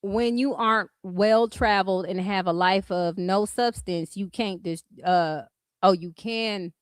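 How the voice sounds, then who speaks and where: A woman's voice: mid-range voice, a little slow, no room sound. A woman from California with a Californian accent, ranting bluntly and profanely to her viewers in casual commentary. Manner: blunt, profane and sassy, addressing viewers as "y'all". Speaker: commentary streamer.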